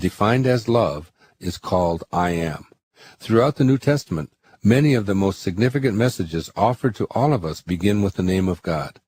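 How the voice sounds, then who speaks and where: A man narrating his own spiritual book as an audiobook, in a measured, earnest way, slowing and softening for scripture verses. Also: deep voice, slight background noise.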